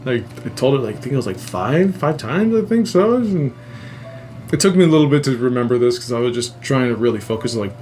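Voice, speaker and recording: A man hosting a live stream, casually retelling a story in a rambling, animated way and swearing a lot. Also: mid-range voice, a little fast, a little hiss or hum. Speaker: livestream host.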